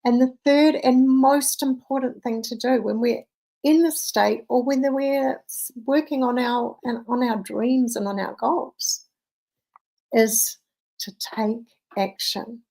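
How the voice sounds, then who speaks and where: Gravelly-voiced woman mindset coach. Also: sits high, a little slow, mellow, poor audio. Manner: earnest storytelling, conversational. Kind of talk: motivational talk with personal story.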